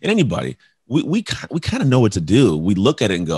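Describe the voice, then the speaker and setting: Deep voiced coach guy, punchy motivational talk, says bro a lot, dry sound. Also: wildly swooping pitch, fast, darkish tone, breathy edge, no echo. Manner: emphatic, acts out client dialogues, calls people bro. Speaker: guest, coach and speaker.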